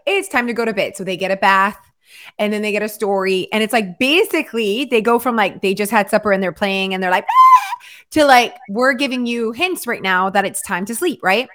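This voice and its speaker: A woman hosting a casual chat about weight loss and sleep, talking fast with lots of "like". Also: medium pitch, a bit bright. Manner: chatty, lots of filler "like". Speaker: host.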